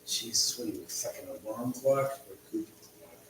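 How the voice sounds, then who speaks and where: A man's voice: medium pitch, brisk, a bit bright. A man hosting a casual live stream from his house, rambling and swearing freely. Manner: rambling, profane, chatty. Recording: echoey room, distant mic.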